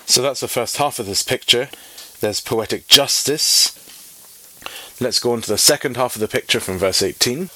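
A man's voice: medium pitch, normal speed, sharp tone, slight background noise. A man teaching a Bible study lesson, emphatic and repeating key words for effect, with wry asides.

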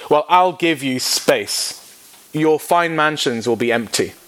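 A man's voice: on the high side, lively intonation, slow, fairly bright tone, voice pushed up. A man voicing God as a sarcastic, scornful figure who taunts greedy people with mocking questions.

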